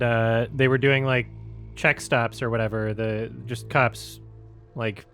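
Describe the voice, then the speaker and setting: A man with an average-pitched voice tells a casual story in fits and starts, with lots of pauses and restarts. Quiet music plays in the background of the stream. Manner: halting storyteller, many ums and restarts. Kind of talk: casual anecdote telling.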